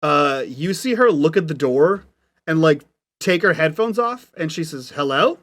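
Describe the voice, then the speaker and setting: A man as game master, narrating scenes in a halting way with many ums and uhs. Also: on the high side, expressive, fairly bright tone.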